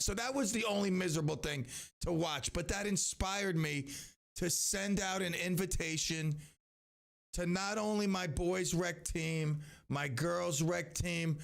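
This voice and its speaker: A middle-aged man hosts his own live stream, his voice gravelly with fry and sitting a little high for a man. He talks in loose, animated rambles, restarting sentences as he goes. His voice is slightly roughened from yelling the day before. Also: a little slow. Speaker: live stream host and youth sports coach. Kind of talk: casual solo live stream chat.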